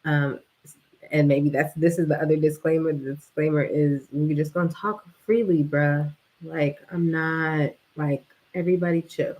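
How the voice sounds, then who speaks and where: A woman vlogger telling a story in casual, slangy talk, animated and often breaking into laughter. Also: sits low, moderate pace, poor audio.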